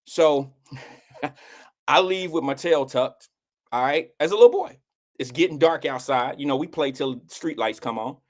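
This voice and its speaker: A middle-aged man hosting a live show, telling a personal story in a blunt, animated way, with casual swearing and acted-out quotes. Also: a little slow. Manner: animated, acts out quotes with swings in pitch. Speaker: host.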